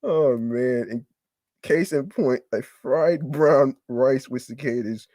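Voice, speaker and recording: A man's voice: medium pitch, takes it slowly, dark tone, no room sound. A man hosting a podcast, reading a news story aloud and reacting in disbelief, with stumbling restarts and repeated words. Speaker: podcast host.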